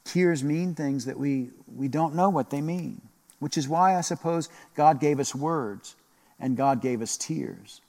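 A man preaching a sermon in a slow, reflective way, repeating phrases and pausing often. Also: a little high, gravelly, a little mellow, big-room sound. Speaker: pastor.

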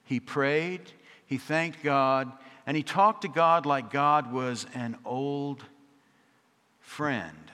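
A man's voice: medium pitch, very slow, sharp tone, smooth. A man preaching a storytelling sermon, with wry, conversational asides and dramatic repetition. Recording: long reverb of a large hall.

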